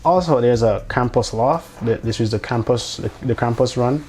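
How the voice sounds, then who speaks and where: A man's voice: mid-range voice, normal speed, a little mellow. A man in a casual, rambling monologue who swears, restarts often and drops incredulous asides. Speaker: vlogger.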